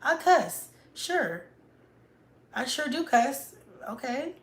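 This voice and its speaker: A woman's voice: high voice, sing-song, slow, roomy sound. A woman in her thirties, a mom vlogger chatting casually, blunt and profane, talking back to critics. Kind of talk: casual livestream-style chat.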